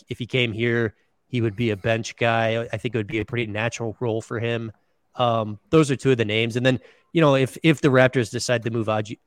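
A man guesting on a sports podcast talks things through in a loose, thoughtful way, padding his points with "you know" and "like". His voice sits at an ordinary middle pitch. The sound is dry and close. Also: dry recording. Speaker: guest, beat writer. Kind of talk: casual podcast interview.

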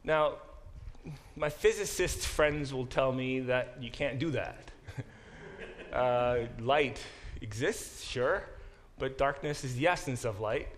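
A man teaching a Bible class as a professor, thinking aloud with restarts and slowing down to sound out Hebrew words. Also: mid-range voice, slight background noise. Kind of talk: classroom lecture.

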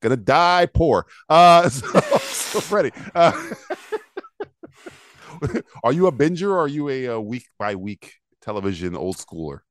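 A man's voice: mid-range voice, sing-song, measured pace, no echo. A man co-hosting a podcast in casual chat, teasing and laughing often. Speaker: podcast co-host.

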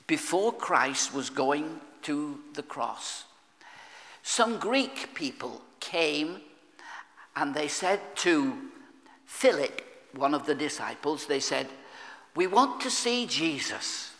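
A male pastor preaching a sermon in a church, often clearing his throat between phrases. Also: on the high side, sing-song, extremely slow, long pauses, a bit bright, long reverb tail.

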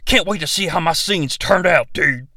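A man doing a loud, blustering impression of a famous pro wrestler. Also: a little high, moderate pace, no echo, studio quality. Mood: excited. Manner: shouting, hoarse catchphrase bluster. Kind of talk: comedic impression reading AI script.

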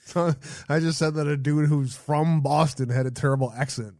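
A man's voice: a little high, steady tone, a little mellow, no room sound, studio quality. Loose, casual male call-in host. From United States. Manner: casual, loose, swears, halting. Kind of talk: call-in show chat.

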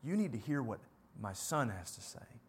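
A man preaching a sermon, earnest, building to emphatic peaks and dropping to quiet asides. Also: mid-range voice, sing-song, normal speed, husky.

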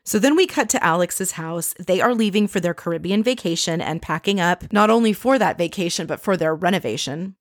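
A woman recapping a reality show for her viewers in an animated, gossipy way, swearing casually as she tells the story. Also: fairly low pitch, a little fast, few pauses, no room sound, studio quality.

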